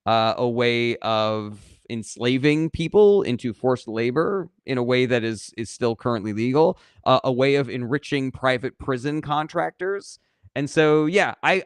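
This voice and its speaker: A man's voice: medium pitch, smooth, no room sound, clean studio sound. Blunt, sarcastic young man reading chat. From California. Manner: blunt and sarcastic, reads comments aloud then answers; swears casually. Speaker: livestream host answering viewer questions. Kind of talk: casual live-stream chat.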